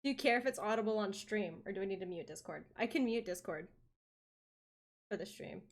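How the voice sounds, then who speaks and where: A woman streamer chatting casually on a live stream, playful and quick to swear. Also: medium pitch, animated.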